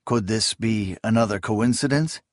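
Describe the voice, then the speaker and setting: A man reading fantasy fiction aloud as a narrator, in a measured, even storytelling manner. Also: lowish voice, dry recording, studio quality. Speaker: audiobook narrator.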